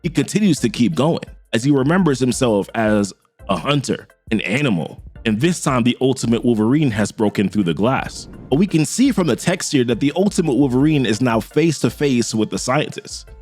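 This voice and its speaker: A man's voice: mid-range voice, expressive, normal speed, a little mellow, faint music behind. A man casually recapping a comic issue, retelling the panels in slangy quoted voices. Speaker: comic book reviewer.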